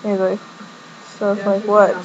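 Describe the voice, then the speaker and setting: A woman's voice: fairly even intonation, moderate pace, darkish tone. A woman giving a casual fan recap of a TV episode, chatty and rambling, stringing events together with "and then she's like". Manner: acts out quoted lines with jumps in pitch. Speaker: fan reviewer. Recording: muffled lo-fi home recording with faint hiss.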